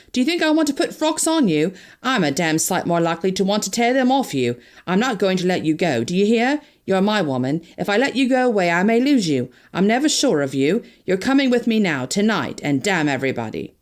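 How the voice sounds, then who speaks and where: A woman's voice: sits low, normal speed, vocal fry, pitched below the performer's own voice. A woman reading an audiobook, voicing an impetuous young man in love who speaks urgently and commandingly. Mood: urgent, passionate. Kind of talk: audiobook narration.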